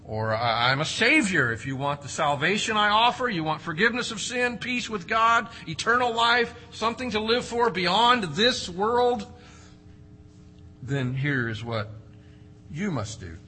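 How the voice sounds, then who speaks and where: A man's voice: high voice, very animated, unhurried, bright, forceful tone, slight background noise, rough recording. A man preaching an expository sermon, emphatic, with rhetorical questions and strong rises and drops for stress. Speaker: pastor.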